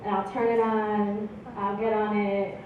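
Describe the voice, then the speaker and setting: A woman's voice: medium pitch, flat delivery, unhurried, crowd noise. A woman telling a personal story on stage at a live event, chatty and often laughing. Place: outdoor ballpark stage. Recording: echoey, distant, dull live recording.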